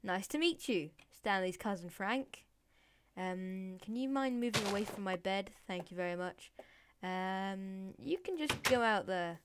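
A woman's voice: mid-range voice, measured pace, slight background noise. A woman giving playful, chatty gameplay commentary, talking to in-game animals and dropping into whispered asides. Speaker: Let's Play gamer.

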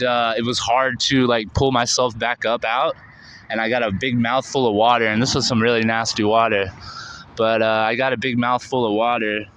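A man with a bright, forceful voice tells his story outdoors, loose and rambling, dropping "like" and "man" into every line. Faint traffic passes in the background. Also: mid-range voice, poor audio. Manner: loose, rambling talk full of "like" and "man", with swearing. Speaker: vlogger recounting his recovery. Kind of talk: casual spoken storytelling on location. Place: outdoors beside a canal near a street.

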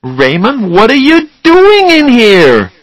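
A man's voice: on the high side, big pitch swings, normal speed, gravelly, a bit bright, dry recording, pitched above the performer's own voice, full character voice. A man doing a pushy, exasperated younger brother. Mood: angry. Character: impatient, money-hungry younger brother, man.

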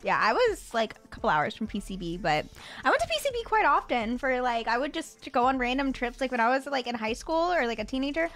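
A woman's voice: high-pitched, sing-song, fairly quick, fairly bright tone. A young woman from the Florida Panhandle chatting casually with her live-stream viewers, rambling with lots of fillers and stumbling over her words. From Florida Panhandle, USA. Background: faint music.

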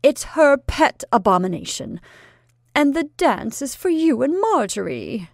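A woman voicing a fussy middle-aged aunt who scolds loudly and reproachfully. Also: high voice, big pitch swings, measured pace, vocal fry, dry recording, studio quality, voice pushed up, exaggerated voice. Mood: scandalized. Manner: exclaiming, loud and reproachful.

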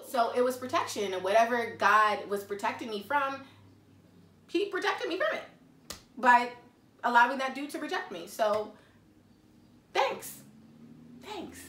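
Brief: woman vlogger, slangy and animated storytelling, recorded from a distance in a roomy space. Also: medium pitch. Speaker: faith vlogger. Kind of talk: casual confessional talk. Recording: echoey room, mic at a distance.

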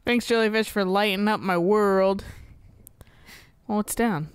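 A woman's voice: medium pitch, steady tone, unhurried, clean tone, no room sound. Swearing, chatty woman playing a game. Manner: chatty, swears casually, self-deprecating. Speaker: gameplay co-host. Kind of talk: casual gameplay chat.

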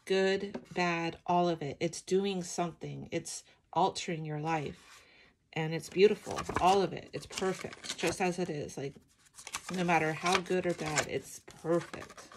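Brief: middle-aged woman, sleepy gravelly low voice, reflective art-journal vlog, noisy recording. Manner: soft, emotional, reflective, many ums. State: sleepy morning voice. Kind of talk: casual flip-through chat.

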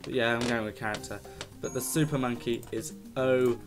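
A young man giving jokey, excitable commentary while playing a video game, talking to the screen as he goes. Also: medium pitch, moderate pace, over music. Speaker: gaming YouTuber. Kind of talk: casual let's-play commentary.

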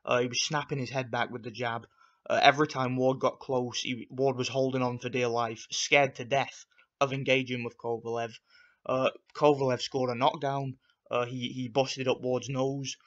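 Reviewing a boxing fight for his channel, a man launches into an angry, profane rant, repeating himself and heaping on insults. His voice is mid-range with a flat delivery at a moderate pace, and the audio is dull.

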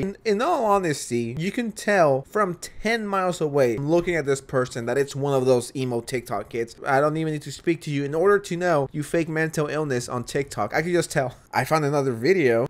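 A man hosting a reaction commentary, talking bluntly and mockingly, swearing often and laughing at what he watches. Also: fairly high pitch. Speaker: commentary host.

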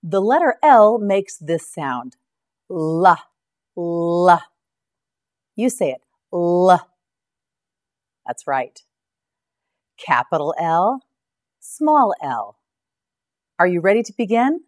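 A woman teaching English vocabulary in a slow scripted lesson, patiently repeating each word for the listener to echo. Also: on the low side, big pitch swings, a little mellow.

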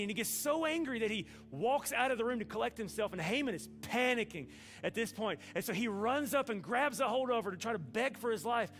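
A man's voice: sits high, a bit bright. A man from Alabama, preaching a sermon in a folksy, humorous storytelling way. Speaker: pastor.

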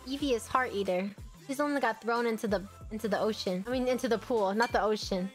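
Young woman gamer talking over her match, kinda high voice, gets yelly and giggly fast. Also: soft background music. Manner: chatty and excitable, quick to laugh and yell at teammates. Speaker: gaming streamer. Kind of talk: casual gameplay commentary.

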